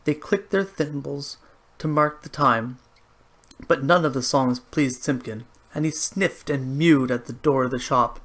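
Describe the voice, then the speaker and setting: Slow, measured storybook narrator; gentle reading for children. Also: medium pitch.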